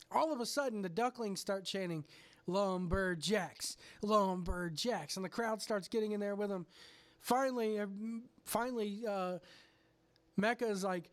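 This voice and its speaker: A man's voice: high voice, fairly quick. A man hosting a podcast, telling a story with lots of swearing. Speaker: podcast host. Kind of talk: casual chat.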